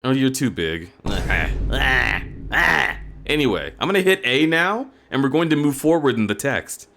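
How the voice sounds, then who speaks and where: A man's voice: medium pitch, big pitch swings, measured pace, creaky, bright, forceful tone, slight background noise. A man live-streaming a video game, chatting with his viewers in a goofy, teasing way. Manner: goofy, teasing, talks to chat. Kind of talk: casual live-stream chat while playing. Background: game music.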